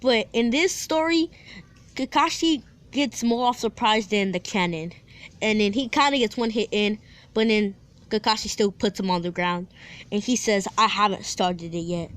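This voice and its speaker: A woman with a slightly high voice casually tells a fan-fiction story to her viewers. She rambles, restarts her sentences often, and drops playful asides as she goes. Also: animated, moderate pace.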